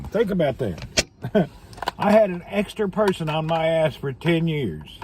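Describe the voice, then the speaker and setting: A man's voice: fairly high pitch, expressive, moderate pace, a little mellow. A man chatting casually on a live stream, rambling and joking with frequent laughs, talking from inside a vehicle. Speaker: vlogger. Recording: noisy car ambience.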